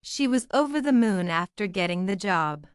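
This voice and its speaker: A woman's voice: medium pitch, animated, normal speed, clean tone, no echo, studio quality. A woman reading English example phrases in a lesson, enunciating carefully and repeating each phrase. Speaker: English teacher.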